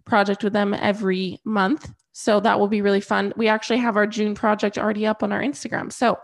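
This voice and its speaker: A young woman co-hosting a podcast in casual chat, her voice stuffy from a cold, chatty and quick to laugh. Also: medium pitch, level tone, creaky. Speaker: podcast co-host.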